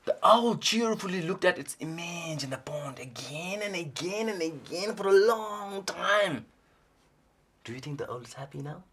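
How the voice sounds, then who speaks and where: A man reads a children's picture book aloud, lively and full of questions for his young listeners. His pitch swings widely, with a gravelly edge settling into his lower notes. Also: moderate pace, slight background noise. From Bhutan. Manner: animated, asks the children questions. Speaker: storyteller.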